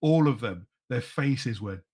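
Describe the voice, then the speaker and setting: A man in his thirties, a podcast guest, talking excitedly in a casual chat. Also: slightly rough. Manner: excitable, animated, quick pitch jumps.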